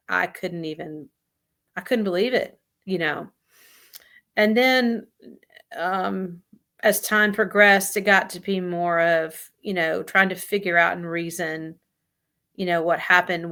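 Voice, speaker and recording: Woman interview guest, lowish voice with vocal fry, telling a personal story with hesitant pauses. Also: sharp tone. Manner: halting, hesitant, with many pauses and fillers. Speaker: guest sharing lived experience of suicide loss. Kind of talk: emotional personal account in an interview.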